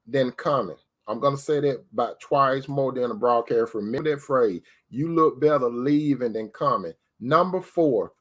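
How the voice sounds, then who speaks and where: With a medium-pitched, fairly bright voice, a man hands out relationship advice in the style of a preacher. He poses rhetorical questions, calls his listeners "sister," and keeps repeating key phrases.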